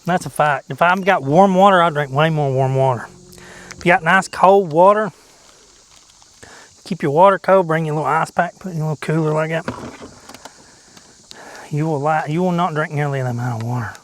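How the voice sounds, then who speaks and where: A man's voice: on the high side, moderate pace, long pauses, a little hiss or hum. Goofy man fishing from a boat. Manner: goofy, chatty, drops into whispers and silly sing-song noises. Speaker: fishing vlogger. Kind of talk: casual fishing commentary. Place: outdoors on a boat.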